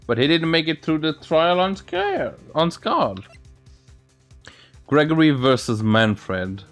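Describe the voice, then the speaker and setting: A man's voice: on the high side, big pitch swings, slow, exaggerated voice. A man voicing an old man who talks in an old-fashioned way, calling people my dear and me boy, over faint game music. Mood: earnest.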